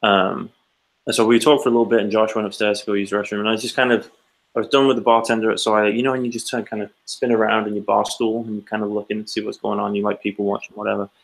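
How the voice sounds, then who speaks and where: A man's voice: fairly low pitch, level tone, rapid-fire, gravelly, poor audio. A man co-hosting a casual podcast, telling a long rambling anecdote and acting out the quotes. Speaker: podcast co-host. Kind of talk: casual storytelling chat.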